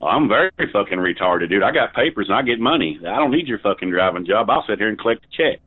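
Crude loudmouth man on a phone line. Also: lowish voice, expressive, quick pace, slightly rough. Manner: crude, rambling, cackling, loud. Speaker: prank call target. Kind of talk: rambling phone conversation. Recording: tinny dry phone line.

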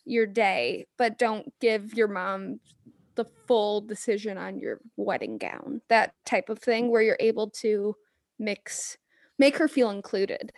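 A woman's voice: mid-range voice, slow pace, dry recording, studio quality. A woman hosting a podcast, chatting casually and upbeat, using lots of "like.". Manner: upbeat, conversational, many "like"s. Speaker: podcast host. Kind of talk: casual interview chat.

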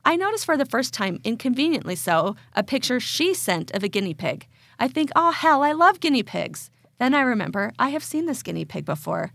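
Woman, podcast co-host, lively pitch, gravelly, animated storytelling, dry sound. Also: a little fast, no echo. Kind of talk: casual chat, reading a story aloud.

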